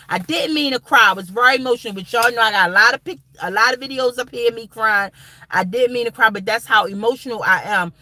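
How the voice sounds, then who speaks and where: A woman's voice: on the high side, pushed and bright, no echo. A woman vlogger talking straight to her viewers in casual commentary, emphatic and rambling, calling them guys and y'all. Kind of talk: casual direct-to-camera commentary.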